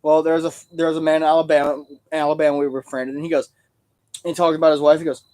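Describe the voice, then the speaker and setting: A man's voice: a little high, level tone, fast, mellow. Joking rambling man on a livestream. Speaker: livestream host and Civil War reenactor. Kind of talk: casual livestream chat.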